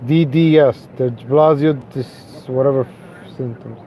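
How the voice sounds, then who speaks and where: A man's voice: medium pitch, warm tone. A man live-streaming from his car, mocking and cursing in an angry rant, then apologizing to his viewers. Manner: profane, mocking, quick to rage then apologetic. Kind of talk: ranting live stream commentary. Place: inside a car, driving.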